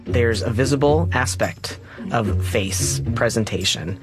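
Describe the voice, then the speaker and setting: A man telling a personal story in a conversational, halting way, acting out the quoted lines as he goes. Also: mid-range voice, over music.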